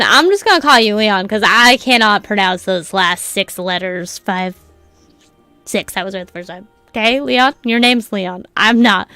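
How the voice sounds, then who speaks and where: A woman's voice: mid-range voice, a little slow, bright, forceful tone, smooth, dry recording, faint music behind. A woman giving casual commentary while playing a game, chatty and teasing, laughing often. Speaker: gamer. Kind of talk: casual let's-play commentary.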